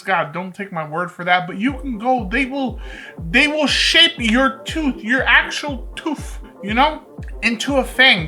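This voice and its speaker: A young man with a bright, forceful voice riffs through a casual reaction commentary. He rambles, restarts and jokes directly to his audience. Soft music plays faintly underneath. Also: very high voice. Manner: joking, rambling, talks straight to viewers. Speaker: reaction video host. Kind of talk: casual commentary reacting to a reality show clip.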